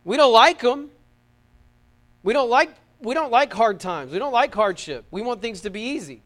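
A man from the United States preaching a sermon, fervent and emphatic, swinging between loud peaks and quiet asides and repeating his phrases. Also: extremely high pitch, lively intonation, normal speed. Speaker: pastor.

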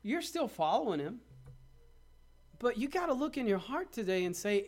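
A man's voice: extremely high pitch, sing-song, normal speed. A man preaching a sermon, with dramatic quoted asides and rhetorical questions. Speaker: pastor.

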